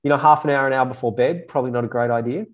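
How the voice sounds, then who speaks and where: A man's voice: mid-range voice, rapid-fire, lo-fi sound. A man in his thirties explaining child development in a casual, chatty, self-deprecating way. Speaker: child psychology expert guest. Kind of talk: casual podcast chat.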